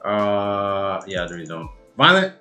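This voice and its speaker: A man's voice: lowish voice, expressive, fairly quick, faint music behind. Cursing man narrating his own gameplay. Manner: swears a lot, swings from muttering to loud outbursts. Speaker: gamer and video creator. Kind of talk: live gameplay commentary.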